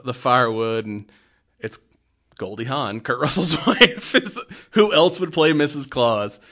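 Casual male host, mid-pitched, rambles through the plot and laughs a lot. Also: sharp tone. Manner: rambling, laughs often, many fillers. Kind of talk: casual chat, retelling a movie.

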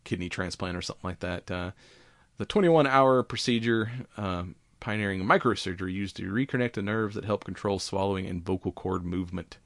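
A man's voice: low voice, brisk, fairly bright tone, dry recording. A man co-hosting a casual podcast, reading science news in a rambling way with lots of fillers, swearing and laughs.

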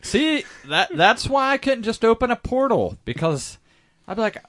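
A man co-hosting a podcast in casual chat, making joking asides and laughing quickly. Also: very high-pitched, very animated, fairly bright tone. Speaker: podcast co-host.

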